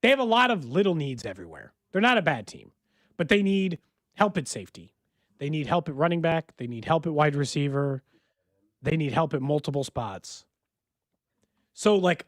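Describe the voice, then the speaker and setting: A man's voice: fairly high pitch, no echo, studio quality. A man co-hosting a sports radio show, chatting casually and firing off questions. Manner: animated, asks quick questions. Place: radio studio.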